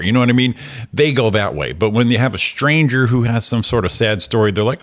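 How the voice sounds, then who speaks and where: Gruff stammering man ranting. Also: fairly low pitch, animated, fast, a bit bright, faint music behind. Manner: grumpy, profane ranting with stammered restarts. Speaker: co-host. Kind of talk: casual chat. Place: radio studio.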